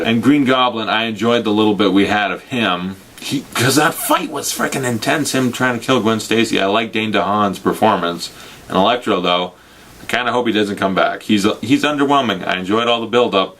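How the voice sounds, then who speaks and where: A man's voice: on the low side, brisk, fairly bright tone. Sarcastic, ranting young man reviewer. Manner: sarcastic, ranting, swears freely, acts out mock quotes. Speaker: film reviewer. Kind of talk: casual spoiler review rant.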